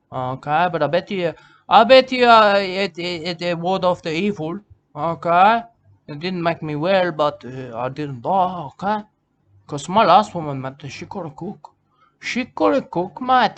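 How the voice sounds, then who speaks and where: A man's voice: on the high side, slight background noise. A man, rambling through a comic monologue and repeating his catchphrases over and over. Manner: repetitive, rambling, drops catchphrases. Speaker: comic host.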